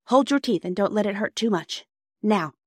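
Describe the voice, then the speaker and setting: A woman voicing a kind, brave young girl in a storybook reading, raising her voice to a lively girlish tone. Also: medium pitch, moderate pace, no echo, studio quality, voice pushed up, natural voice. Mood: comforting.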